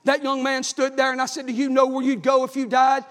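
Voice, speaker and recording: Casting: middle-aged preacher, very high voice, shouting revival sermon, big reverberant church hall. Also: male voice, monotone, a little fast. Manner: shouting, fervent storytelling preacher.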